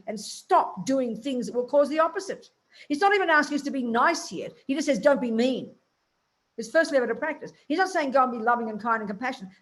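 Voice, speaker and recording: Blunt, emphatic woman Buddhist teacher. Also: a little high.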